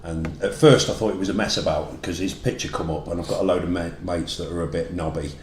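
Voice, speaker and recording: A man's voice: sits low, fairly even intonation, fast talker, reverberant, slight background noise. A man from Bedworth with a Coventry and Bedworth accent, a comedian telling stories bluntly in casual podcast chat. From England, Bedworth. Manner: blunt, swearing storyteller. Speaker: comedian guest.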